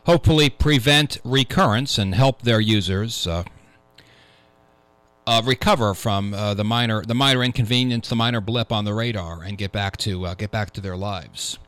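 A man's voice: lowish voice, normal speed, fairly bright tone, clean tone, no room sound, poor audio. A man hosting a casual tech radio show in a studio, rambling with many fillers as he talks through the news. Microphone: studio microphone.

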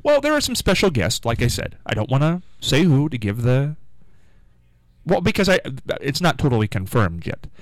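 A man's voice: medium pitch, big pitch swings, normal speed, dry recording. Upbeat, folksy male radio host. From Midwest US. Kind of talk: casual radio chat.

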